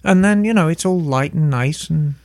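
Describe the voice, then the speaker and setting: A man from England co-hosting a podcast, telling stories in a chatty, animated way. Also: on the high side, normal speed, dry recording. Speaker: podcast co-host. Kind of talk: casual chat.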